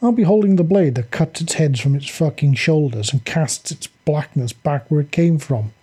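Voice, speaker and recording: A man's voice: medium pitch, fairly even intonation, a little slow, dark tone, husky. A man reading aloud and voicing a proud, defiant male warrior leader who talks through clenched teeth. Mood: snarling.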